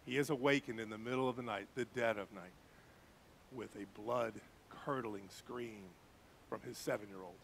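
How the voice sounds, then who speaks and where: A man preaching as a pastor, telling a quiet story and building to fervent preaching before leading a prayer. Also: on the low side, moderate pace, creaky, slight background noise. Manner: swings from hushed storytelling to rising fervent preaching. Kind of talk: sermon with story and closing prayer. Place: church sanctuary.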